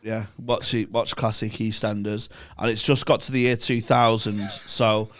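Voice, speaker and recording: A man's voice: fairly low pitch, flat delivery, normal speed, fairly bright tone. Man, podcast guest, eager storyteller, laughs and swears easily. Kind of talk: casual chat.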